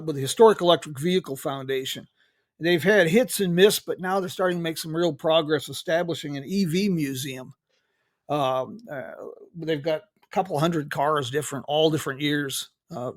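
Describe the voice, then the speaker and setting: A middle-aged man hosting an interview, rambling with many pauses and restarts. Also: fairly high pitch, no echo, studio quality. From United States. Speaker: host. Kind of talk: casual interview chat.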